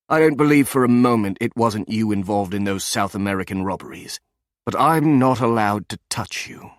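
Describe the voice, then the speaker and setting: A man voicing a stubborn intelligence officer with a German accent who speaks softly but coldly. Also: medium pitch, dry recording, clean studio sound, lightly acted. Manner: soft, chilling, stubborn.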